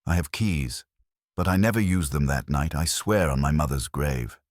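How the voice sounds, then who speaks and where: A man voicing a grizzled, anxious older male stage manager who speaks gruffly. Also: extremely low pitch, moderate pace, dry recording, clean studio sound. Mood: uneasy. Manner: gruff, plain-spoken.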